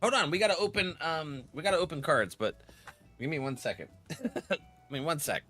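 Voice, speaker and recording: A man's voice: on the high side, expressive, normal speed, pushed and bright, faint music behind. A man streaming a game and chatting casually, laughing often and acting out his friends' lines, while getting over a cold. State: has a cold. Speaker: gaming streamer.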